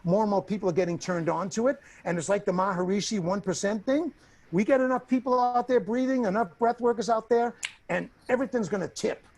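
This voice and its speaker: Male guest, animated storyteller, frank and profane, plays the people he quotes. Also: sits high, brisk. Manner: lively, blunt, swears freely, acts out quoted people. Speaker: interview guest. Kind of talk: animated personal storytelling in an interview.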